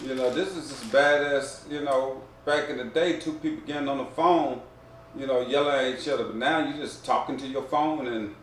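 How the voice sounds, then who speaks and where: A man's voice: mid-range voice, fairly even intonation, normal speed, far from the mic. A man co-hosting a reaction video, chatting in an exasperated, loose, profane way. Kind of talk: casual reaction chat. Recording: roomy echo, off-mic, faint noise.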